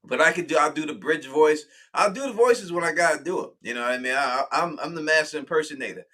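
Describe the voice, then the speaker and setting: A man's voice: a little high, fast talker. A man hosting a casual chat, telling stories with lots of laughter and acting out voices. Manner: animated storytelling, laughing often, acting out voices. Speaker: channel host.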